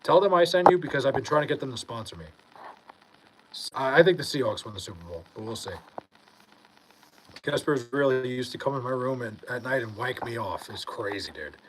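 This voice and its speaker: A young man from Long Island, high and laid-back, reading comments aloud in a casual livestream and swearing freely. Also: lively intonation, fairly quick, slight background noise, rough recording. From Long Island, New York.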